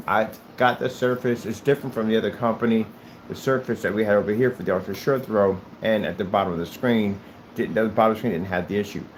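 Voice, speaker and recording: A man presenting his company's products in a casual vlog, rambling with many fillers and restarts. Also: fairly low pitch. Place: indoors at his office. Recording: noisy room recording.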